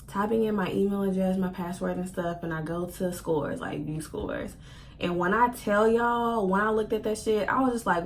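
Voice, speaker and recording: A woman's voice: normal speed, a little hiss or hum. Candid, slangy young woman telling a story. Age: 20s. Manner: casual, profane, expressive with slang; acts out her own quoted lines with big pitch jumps. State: near tears at times. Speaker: vlogger.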